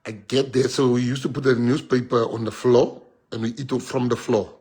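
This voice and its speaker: A South African man, a party leader addressing his supporters in an impassioned speech that swings from loud exhortation to hushed personal storytelling. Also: medium pitch, moderate pace, husky. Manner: animated, switches between shouting and hushed storytelling.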